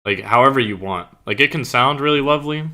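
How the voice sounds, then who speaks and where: Bright-voiced young man rambling casually. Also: mid-range voice, fast. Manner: rambling, filler-heavy, swears casually. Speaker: streamer. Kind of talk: casual chat with live chat. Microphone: own streaming mic.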